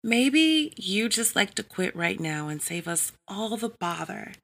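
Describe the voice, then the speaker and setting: Woman playing a bully boss man, sneering, snapping, slow gravelly delivery. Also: mid-range voice, very animated, a bit bright, heavily acted. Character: bullying arrogant male office boss.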